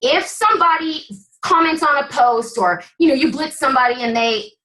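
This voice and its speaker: Fired-up high-voiced woman coaching sales. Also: expressive, normal speed, bright, forceful tone, poor audio. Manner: fired-up, emphatic, blunt. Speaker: guest speaker on a sales coaching call. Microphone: video call.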